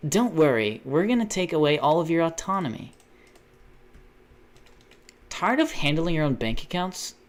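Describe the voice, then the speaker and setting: A man's voice: big pitch swings, normal speed, pauses often. A man parodying a slick, falsely reassuring corporate commercial announcer. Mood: mock-soothing. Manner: mock-soothing sales pitch.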